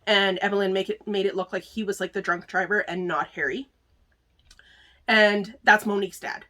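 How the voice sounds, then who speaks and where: A woman's voice: mid-range voice, fairly even intonation, normal speed, bright, forceful tone. A woman hosting a book club video, chatting casually through a book review with plenty of filler words and easy laughter.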